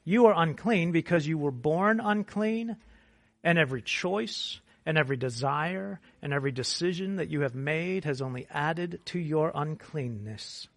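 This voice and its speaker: A man preaching a sermon, moving from quiet, measured explanation to loud, impassioned appeals. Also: on the high side, dry recording. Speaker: pastor.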